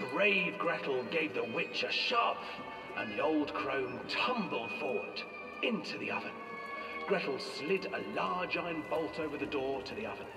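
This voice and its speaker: A man narrating a dark fairy tale as a ride's storybook voice, in measured, storytelling delivery. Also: mid-range voice. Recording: echoey hall, voice from far off. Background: eerie music.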